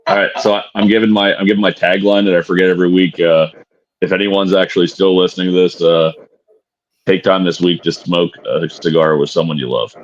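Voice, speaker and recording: A laid-back male podcast co-host with a very low, deep voice, talking in a relaxed, brotherly way. The sound is somewhat dull and lo-fi. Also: brisk. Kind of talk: casual chat.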